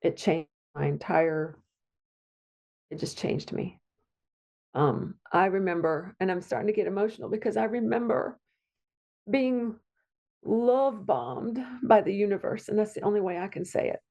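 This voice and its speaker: A woman's voice: lowish voice, fairly even intonation, normal speed, creaky, darkish tone. A middle-aged woman from Virginia, a psychiatric nurse practitioner, talking in a heartfelt, rambling way as an interview guest. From Virginia, USA. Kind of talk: conversational interview.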